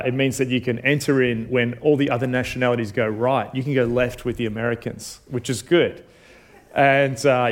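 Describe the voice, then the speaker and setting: A man with an Australian accent, giving a conversational sermon as a guest preacher from a church stage, telling a story with many fillers and self-deprecating asides. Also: medium pitch. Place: church auditorium.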